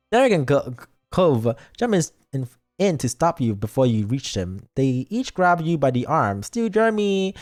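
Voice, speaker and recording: Playful and teasing, a VTuber streamer reads a story game's lines aloud and pauses to react to chat with teasing asides. He speaks in a voice that's a little high and a little mellow.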